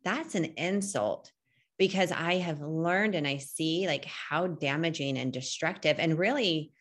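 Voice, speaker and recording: A woman with a low voice speaks in a relaxed podcast chat. She talks earnestly and reflectively, now and then acting out what other people say. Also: unhurried. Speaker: podcast co-host. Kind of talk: casual podcast conversation.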